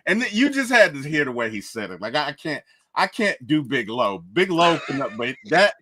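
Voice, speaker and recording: A man with a bright, slightly high voice that swings up and down as he talks football with friends. He sounds lively and amused. The sound is dry and close, with no room around it. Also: moderate pace, dry recording. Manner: animated, bursts into high-pitched laughter. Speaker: sports podcast co-host. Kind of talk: casual sports chat.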